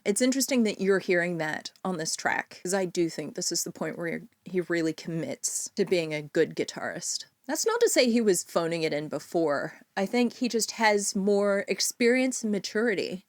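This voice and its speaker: Picture a woman with a fairly low voice hosting a music podcast. She breaks songs down in an animated, analytical way, and the sound is close and dry with no room around it. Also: normal speed, hardly any pauses, dry recording. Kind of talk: casual music discussion.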